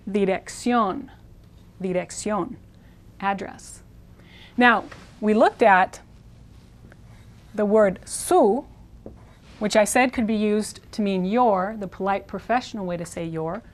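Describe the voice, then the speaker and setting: A woman teaching a language lesson, patiently repeating words slowly and clearly, writing on a board as she goes. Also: mid-range voice. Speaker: Spanish teacher. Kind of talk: classroom pronunciation lesson.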